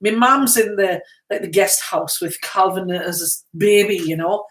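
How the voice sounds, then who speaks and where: Woman co-hosting a live chat, lively storyteller, laughs a lot, echoey room. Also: medium pitch, unhurried. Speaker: co-host.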